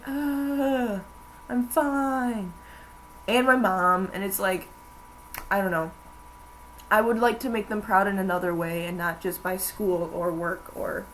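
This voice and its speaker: A woman's voice: medium pitch, a little hiss or hum, poor audio. A young woman in college, chatting casually to camera in a rambling way with many fillers. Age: young adult. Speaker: vlogger. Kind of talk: casual chat.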